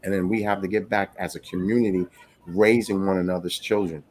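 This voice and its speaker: A man's voice: low-pitched, fairly even intonation, fairly quick, darkish tone. A man speaking emphatically in a casual discussion, giving his opinion with rhetorical questions. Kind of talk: casual chat.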